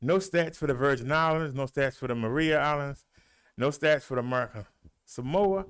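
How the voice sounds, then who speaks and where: A middle-aged man and show host, out of breath, reading out the day's figures in a folksy, animated way. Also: medium pitch, normal speed, clean tone. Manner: animated, rolls his R's, folksy drawl. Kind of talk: casual livestream talk, reading daily stats.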